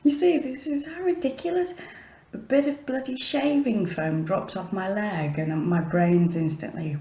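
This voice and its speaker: A woman's voice: fairly low pitch, animated, measured pace, mellow. A woman rambling chattily to her camera at home, often dropping to a whisper and interrupting herself. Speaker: paranormal vlogger. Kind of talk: casual chat, rambling and chatty. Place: home room, early morning. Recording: echoey room.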